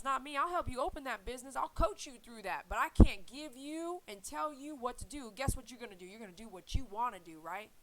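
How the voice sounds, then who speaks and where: A woman's voice: a little high, slight background noise, poor audio. A woman who grooms dogs, talking casually and earnestly to her viewers about faith, rambling and repeating herself. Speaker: dog groomer and channel host.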